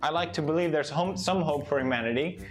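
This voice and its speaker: A man's voice: a little high, fast talker, faint music behind. A European man delivering a comedic, sarcastic rant full of swearing. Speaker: comedy YouTuber.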